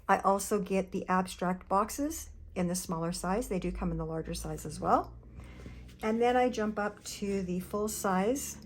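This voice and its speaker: A woman's voice: fairly low pitch, slight background noise. A woman talking casually to her viewers while showing a sticker haul, chatty and gushing with lots of fillers. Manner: chatty, gushing, addresses viewers as "you guys". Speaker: planner vlogger.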